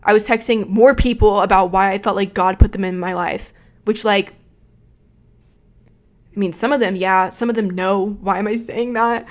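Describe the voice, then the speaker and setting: Chatty, swearing young woman telling stories. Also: mid-range voice. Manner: chatty and profane, retelling a night out. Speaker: podcast host. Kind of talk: casual storytelling podcast.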